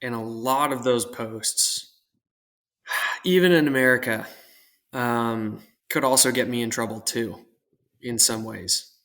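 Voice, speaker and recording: A man's voice: mid-range voice, slow pace, pauses often, a bit bright. Earnest man from Oregon talking it through. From Portland, Oregon. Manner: earnest, reflective, speaks at length. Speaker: guest, armorer. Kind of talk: casual podcast conversation.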